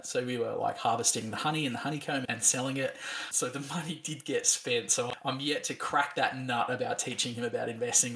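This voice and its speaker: A man's voice: medium pitch, a bit bright. An Australian man hosting a podcast interview, matey and enthusiastic, full of local slang. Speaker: podcast host.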